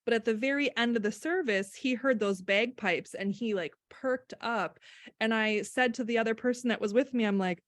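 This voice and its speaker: A woman's voice: a little high, moderate pace, no echo, clean studio sound. A middle-aged woman, a speech-language pathologist, chatting as a podcast guest and acting out quotes as she tells stories. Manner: animated storyteller, acts out quotes with laughter. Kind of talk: casual podcast chat.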